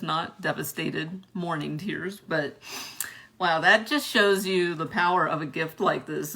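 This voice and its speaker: Young female vlogger, somewhat low pitch, bright forceful tone, chatty and quick to laugh. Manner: chatty, laughs often between remarks. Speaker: vlogger reviewing a product. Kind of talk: casual unboxing chat.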